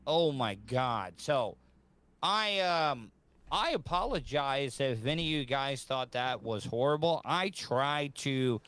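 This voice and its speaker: A man hosting a live podcast, signing off in an apologetic, halting way. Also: medium pitch, animated, fairly bright tone, smooth, dry recording. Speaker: podcast host in a played clip.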